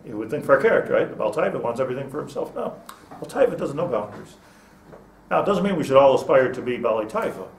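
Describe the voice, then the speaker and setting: A rabbi gives an informal Torah class to students, speaking very fast and very animated in a mid-range voice. He's chatty, restarts phrases, and mixes in Hebrew terms. The distant mic catches roomy echo and slight background noise.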